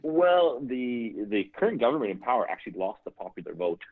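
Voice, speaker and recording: A man's voice: mid-range voice, big pitch swings, brisk. A man, a guest accountant speaking hesitantly and matter-of-factly, often repeating his words. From Canada. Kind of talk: guest on a podcast call. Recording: tinny phone-line call.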